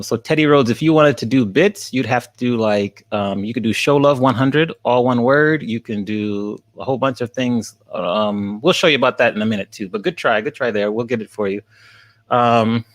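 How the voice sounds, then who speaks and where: Excited male streamer thanking his viewers. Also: mid-range voice. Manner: excited, laughing often, thanking viewers by name. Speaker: streamer and college teacher. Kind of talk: live stream chat with viewers.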